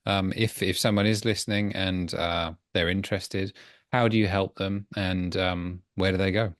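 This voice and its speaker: A man's voice: deep voice, steady tone, normal speed, no echo, studio quality. A man hosting a podcast interview, polite and appreciative, with some hesitant phrasing. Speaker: podcast host. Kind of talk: interview questions.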